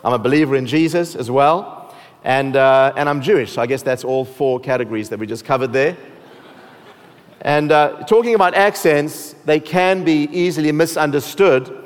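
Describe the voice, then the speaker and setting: A man from South Africa with a South African accent, preaching a sermon as pastor in a joking, easygoing way. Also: on the high side. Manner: joking, with laughs and restarts. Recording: long hall reverb.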